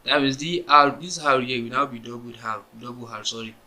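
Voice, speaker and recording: A man teaches spelling rules for English verbs in a casual classroom way. His voice is bright and forward, with a middling pitch. He spells words out letter by letter, restarts his sentences often and keeps asking whether the listener understands. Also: fairly quick, low-quality recording. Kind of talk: explaining grammar on a whiteboard.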